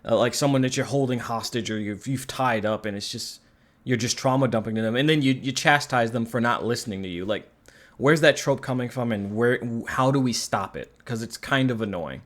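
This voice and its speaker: A man's voice: medium pitch, fairly quick, fairly bright tone. A man giving a casual spoken film review, rambling and sarcastic, swearing casually. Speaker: movie reviewer.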